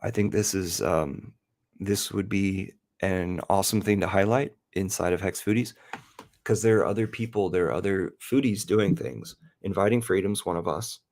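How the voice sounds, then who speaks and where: A man's voice: deep voice, normal speed, darkish tone. A man hosting a casual live chat, rambling and often interrupting himself. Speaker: podcast host.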